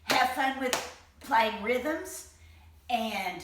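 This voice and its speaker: A woman's voice: on the high side, lively intonation, very slow. A woman teaching a children's music lesson, encouraging and chanting rhythm syllables in a home room with tile floors. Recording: roomy far-off home recording, loud noise.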